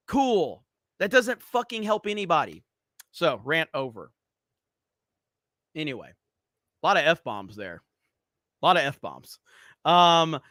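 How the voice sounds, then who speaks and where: A man's voice: high-pitched, pushed and bright, dry recording. A man hosting a livestream, ranting with heavy profanity and reading chat comments aloud. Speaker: streamer host.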